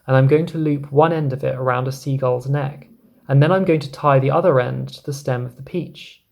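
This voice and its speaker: A man's voice: mid-range voice, fairly even intonation, brisk, creaky, darkish tone, close to an everyday voice. A man voicing a young boy who patiently and earnestly explains his plan in a storybook reading. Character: young boy, calm and determined.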